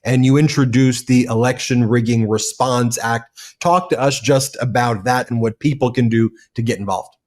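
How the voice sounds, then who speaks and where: A man's voice: mid-range voice, moderate pace, hardly any pauses. Man interviewing with eager questions. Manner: animated, piles up questions. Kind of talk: political interview.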